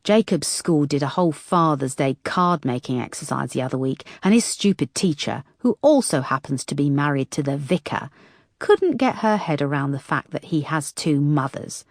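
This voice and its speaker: A woman's voice: low voice, animated, moderate pace, dry recording, studio quality. A woman narrator voicing a blunt, wisecracking female detective who talks frankly and teases her boss. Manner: frank, teasing.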